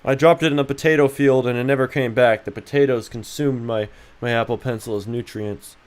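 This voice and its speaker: A man's voice: mid-range voice, fairly even intonation, a little fast, clear, resonant tone. A man from Idaho, a game developer streaming live, bantering with his chat in a loose, joking, profane way. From Idaho, USA. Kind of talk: casual livestream chat.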